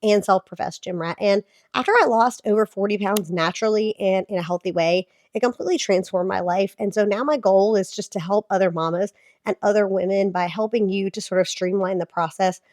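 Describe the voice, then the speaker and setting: This woman in her thirties sounds sick, her mid-range voice a little mellow and her pace fairly quick. As a vlogger, she reacts to fitness advice in a chatty, explanatory way packed with fillers. The recording is studio quality with no room sound.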